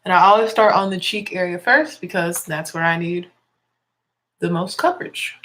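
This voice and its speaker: A woman's voice: on the low side, moderate pace, fairly bright tone, a little hiss or hum. Chatty young woman, a bit congested. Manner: chatty, explains each step as she works. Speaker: music teacher and beauty vlogger. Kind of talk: casual makeup tutorial.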